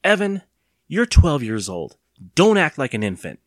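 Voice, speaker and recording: A man's voice: fairly high pitch, very animated, a little fast, fairly bright tone, dry recording, clean studio sound, voice pushed up. A man reading aloud and voicing an impatient, firm mother, curt and exasperated.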